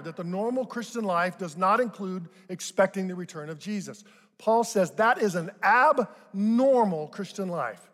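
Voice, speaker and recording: An older man preaching a sermon as pastor, conversational, with rising emphatic bursts on key points. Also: sits high. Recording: long hall reverb.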